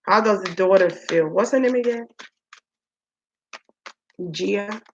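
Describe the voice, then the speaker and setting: In a spiritual reading, a woman talks to the spirits directly, musing and stretching her words out casually. Her voice is mid-range, the audio is dull, and there's slight background noise.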